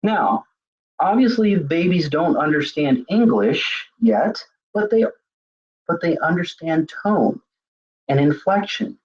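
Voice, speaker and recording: A man's voice: a little high, expressive, takes it slowly, slightly rough. A middle-aged man presenting a webinar lecture in a conversational way, often repeating words as he thinks. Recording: dull lo-fi web seminar audio.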